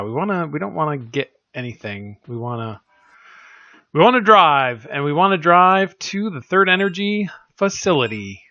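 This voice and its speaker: A man's voice: on the high side, sharp tone, no echo. An older man hosting a let's play, giving rambling, self-deprecating casual commentary full of fillers. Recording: slightly dull lo-fi sound with faint music.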